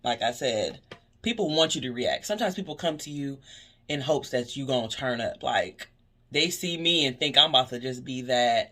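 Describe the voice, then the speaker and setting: Lively woman cashier vlogging. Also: a bass voice. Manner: animated storytelling, acting out customer exchanges; upbeat, preachy about positivity. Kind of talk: casual vlog monologue.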